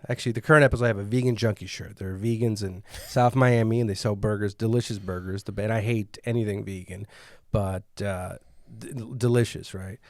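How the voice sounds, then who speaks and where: A man's voice: lowish voice, no echo, studio quality. A man hosting a podcast at a comedy club, chatting casually and rambling, often trailing off and starting over. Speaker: podcast host. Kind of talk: casual chat.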